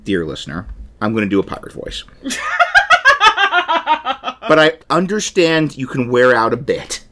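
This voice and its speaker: A man's voice: mid-range voice, big pitch swings, unhurried, fairly bright tone. A man co-hosting a podcast, explaining tabletop game rules in a playful, rambling, enthusiastic way. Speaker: podcast co-host. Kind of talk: casual chat about a tabletop game.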